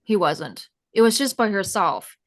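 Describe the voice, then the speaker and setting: A woman's voice: mid-range voice, expressive, measured pace, no room sound. A woman co-hosting a podcast, chatting loosely about a film with many fillers. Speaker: podcast co-host. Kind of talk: casual film chat.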